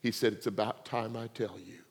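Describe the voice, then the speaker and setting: A man's voice: fairly low pitch, normal speed, creaky, husky. Older man preaching in a reverberant hall. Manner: animated, swings from quiet asides to loud laughing outbursts. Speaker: pastor. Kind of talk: sermon storytelling. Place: church sanctuary.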